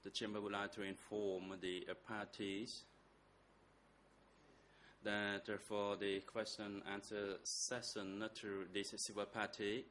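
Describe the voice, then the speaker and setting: A male judge opening a court session, speaking formally, slowly and haltingly with many fillers. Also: fairly low pitch, level tone, a bit bright, slight background noise. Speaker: presiding judge.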